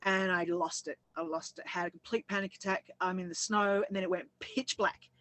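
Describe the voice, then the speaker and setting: A woman's voice: fairly low pitch, steady tone, brisk, fairly bright tone, rough recording. A woman co-hosting a casual chat, rambling and laughing as she tells her story. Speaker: co-host.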